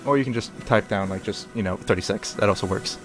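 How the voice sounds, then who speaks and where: A man's voice: lowish voice, quick pace, over music. Guy running a tabletop game, rambly, lots of uh and like. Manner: rambling, full of fillers and restarts. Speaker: game master.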